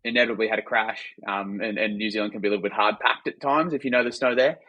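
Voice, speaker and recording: A man's voice: on the low side, fairly even intonation, fast, pushed and bright, no echo, dull audio. A young Australian man, a company founder and podcast guest, telling his story in an easygoing way. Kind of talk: casual interview.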